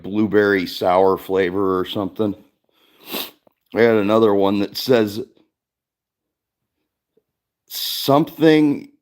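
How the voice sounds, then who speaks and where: Male streamer, lowish voice, loose and rambling, swears a lot, casual chat from a garage. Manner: rambling, laid-back, swears often. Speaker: livestream host.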